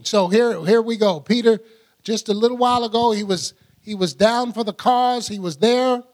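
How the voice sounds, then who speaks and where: Male preacher, high-pitched, casual teaching tone, acts out the stories. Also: normal speed. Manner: chatty, laughs often, acts out scenes. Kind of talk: conversational Bible teaching.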